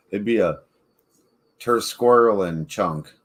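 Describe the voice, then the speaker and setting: A man hosting a casual chat, rambling, swearing freely and laughing often. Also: on the low side. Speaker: podcast host.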